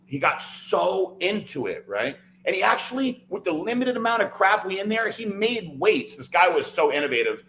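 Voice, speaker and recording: A man's voice: high-pitched, big pitch swings, normal speed, hardly any pauses, a bit bright, slight background noise, poor audio. A man, a podcast guest, telling a long personal story in casual chat, often tagging "right?" and "like". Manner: rambling, fills talk with "like" and "right?".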